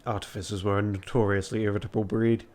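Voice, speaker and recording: A man's voice: fairly low pitch, little pitch movement, fast talker, a little mellow. Tired man reading a game aloud, laughing. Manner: self-mocking, laughs often, swears. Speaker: charity streamer.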